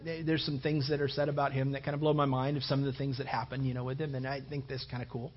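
A man preaching a sermon as pastor, who moves from quiet storytelling to loud, emphatic preaching. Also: mid-range voice, level tone, fast, lo-fi sound.

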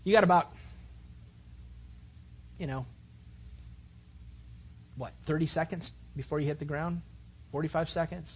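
A man's voice: on the high side, fairly even intonation, a little slow, long pauses, muffled recording, slight background noise. A man preaching a sermon in a conversational way, repeating words and building to emphatic points. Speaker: pastor.

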